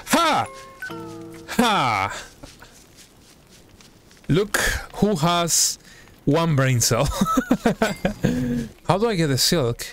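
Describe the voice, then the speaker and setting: Excitable young male gaming streamer. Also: a little high, slow, pauses often, soft background music. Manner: excitable, yelps and talks to the game. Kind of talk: live gameplay commentary.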